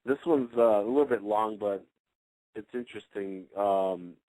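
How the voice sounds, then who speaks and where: A man's voice: on the low side, moderate pace, dark tone, no room sound, low-quality recording. A man, a paranormal investigator, chatting casually on a radio show, rambling with many fillers and restarts.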